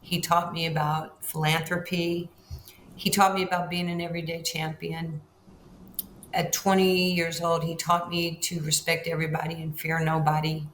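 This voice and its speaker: A woman's voice: sits low, normal speed, slight background noise. A woman in her sixties from New York, a guest telling stories in an interview, acting out the voices she quotes. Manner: animated, acts out quoted voices. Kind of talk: storytelling interview. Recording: roomy echo, faint ambience.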